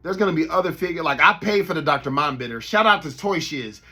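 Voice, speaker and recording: A man, a toy collector, ranting casually to his viewers in an animated, profane, rambling way. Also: on the high side, fast talker, breathy edge, soft background music. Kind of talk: casual rant to camera.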